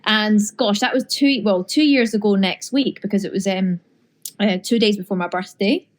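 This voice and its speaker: A bubbly woman in her thirties talks openly as a podcast guest and often laughs. Her voice sits at an ordinary mid pitch, and her delivery is warm and chatty. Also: normal speed. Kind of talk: casual interview chat.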